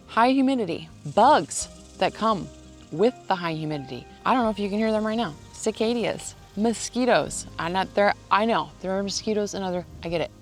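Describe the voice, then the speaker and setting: Low-pitched woman vlogger, casual sarcastic monologue recorded outdoors. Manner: sarcastic, joking rant. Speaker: ranch vlogger. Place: outdoors in the shade.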